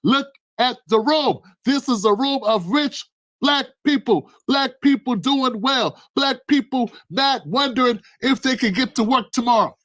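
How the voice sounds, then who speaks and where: Speaking a little slowly in a very high, somewhat bright voice, a channel host offers passionate political commentary. He hammers away with repeated rhetorical questions and calls out a listener by name.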